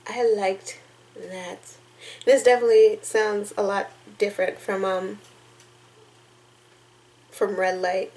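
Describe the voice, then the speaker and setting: A young woman reacting casually to a music video at home, chatty, excitable and openly emotional, rambling as she thinks aloud. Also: medium pitch, takes it slowly, pauses often. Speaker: YouTube reaction vlogger.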